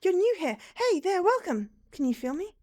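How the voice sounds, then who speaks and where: A woman's voice: sits high, very animated, quick pace, mellow. A woman voicing a cheery, ageless lost soul in purgatory, chatty and bubbly, over faint game music. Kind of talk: reading a visual novel aloud.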